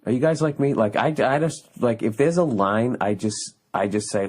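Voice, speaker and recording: A man's voice: medium pitch, lively intonation, normal speed, darkish tone. A man hosting a podcast, delivering a profane, sarcastic comedic rant that rambles through restarts and asides. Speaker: podcast host.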